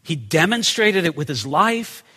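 A man preaching in a bright, ringing voice that sits high and swings widely in pitch. He is lively and conversational, throws rhetorical questions at his listeners and slips into the voices of the people he talks about. A long hall reverb trails after his words. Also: measured pace, husky. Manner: animated, acts out the people in the story. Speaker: pastor. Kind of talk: expository sermon.

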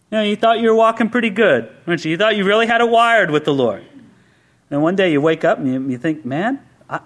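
Lively high-voiced male preacher. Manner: expressive preaching, voice rising on quoted prayers, rhetorical questions. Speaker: pastor. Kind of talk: sermon.

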